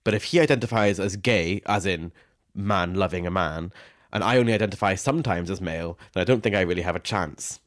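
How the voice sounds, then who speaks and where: A man's voice: sits low, fairly quick. A young man co-hosting a casual podcast, reading out listener questions and laughing often. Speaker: podcast co-host. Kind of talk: casual chat.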